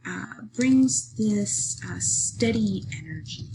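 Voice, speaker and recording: A woman teacher walking students through a lesson, patient and explanatory, checking in often with "okay?" and pausing on fillers. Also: medium pitch, lively intonation, noisy background. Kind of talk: screen-recorded lesson walkthrough.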